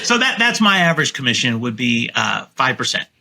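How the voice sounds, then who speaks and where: A middle-aged man, a guest real estate agent, talking casually in a podcast interview and confidently coaching how he pitches to sellers. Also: big pitch swings, a little fast, vocal fry, sharp tone, a little hiss or hum. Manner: confident, coaching tone, acts out his sales pitch.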